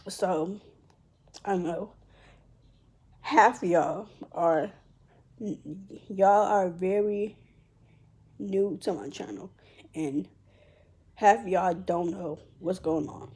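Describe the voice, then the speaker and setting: Young woman vlogger, tearful, halting, slow with a dark husky tone. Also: fairly low pitch. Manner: halting, many restarts, fighting back tears. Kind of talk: emotional personal vlog.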